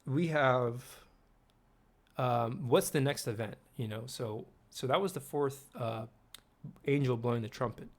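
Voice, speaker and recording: A man's voice: medium pitch, measured pace. A man hosting his own video, rambling casually while he works at his desk, often asking the viewer questions and swearing now and then. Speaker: video host.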